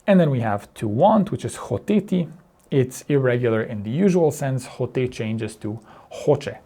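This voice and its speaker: Mellow-voiced man teaching grammar. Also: mid-range voice, animated, slightly rough. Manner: patient, repeats words and restarts phrases; drills word pairs slowly. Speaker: language teacher. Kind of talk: explaining grammar over slides.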